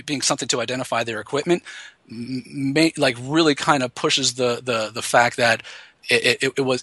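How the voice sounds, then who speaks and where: Man, podcast co-host and designer, casual explainer, bright forceful tone, dry close sound. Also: mid-range voice, no echo. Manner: halting, many restarts and fillers. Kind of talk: casual chat.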